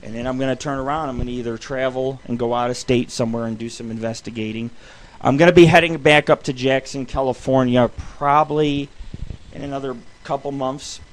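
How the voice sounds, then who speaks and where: A young adult man hosting a show from his home studio, ranting in a loose, swearing, excitable way. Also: mid-range voice, a little fast, slight background noise. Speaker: radio show host. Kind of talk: profane rambling monologue.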